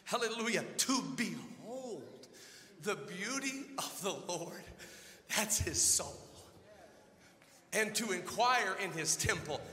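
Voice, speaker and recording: A man preaching an impassioned sermon as pastor of a church, building from quiet reflection up to shouted exhortation. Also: high voice, reverberant, in a large hall.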